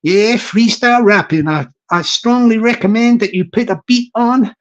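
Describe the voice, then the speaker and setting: A man's voice: sits high, normal speed, muffled recording. A man hosting a live stream, chatting casually and jokily with viewers and greeting them from the chat. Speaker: livestream host. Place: London.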